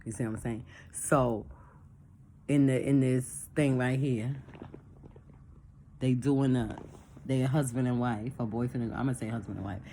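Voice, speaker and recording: An extremely low-voiced woman leads a casual church discussion, unhurried and pausing often, with a little hiss or hum in the background. Her talk is plain and repetitive, and she animatedly performs phone calls and dialogue while explaining.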